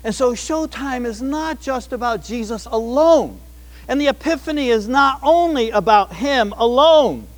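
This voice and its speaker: Man preaching, very high voice, emphatic, loud declarations and soft asides. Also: animated, a little slow. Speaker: pastor. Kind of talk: sermon.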